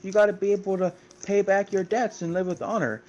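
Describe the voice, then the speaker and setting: A gentle young woman who begs to pay for someone else's thefts and urges him to live with honor, put on by a man on a podcast. The voice sits higher than his own and stays soft and earnest. The recording is a little dull and lo-fi. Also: steady tone, brisk, a little hiss or hum, lightly acted. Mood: pleading.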